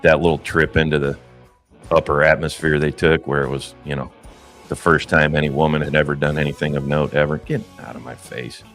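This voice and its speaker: A man's voice: a bass voice, monotone, a little fast, a bit bright, soft background music. A man hosting casual commentary, blunt and profane, with laughing asides. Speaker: commentary host.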